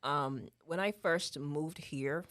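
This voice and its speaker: A Jamaican woman in her thirties, speaking with a Jamaican accent, is a guest in a casual chat, talking earnestly, repeating herself, laughing often, and tagging on "right?". Her voice is low-pitched and a bit bright, and she speaks slowly. The recording is dry and studio quality.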